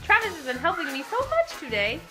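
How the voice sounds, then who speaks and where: A woman's voice: very high voice, wildly swooping pitch, fairly quick, over music. A woman chatting casually in a home vlog, then gushing over her dog in baby talk. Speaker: vlogger.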